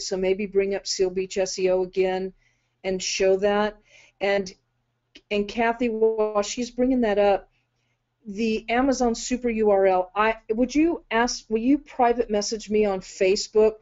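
A woman hosting a live webinar, running through viewer questions in a brisk, direct way. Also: medium pitch, steady tone, warm tone. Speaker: webinar host. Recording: dull lo-fi audio.

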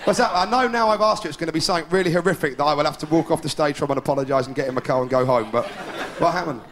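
A man's voice: on the high side, very fast, a bit bright. A man performing a live stand-up comedy routine, rambling and chatty, often laughing at his own jokes. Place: live comedy venue with audience. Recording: 1990s VHS live recording with hiss.

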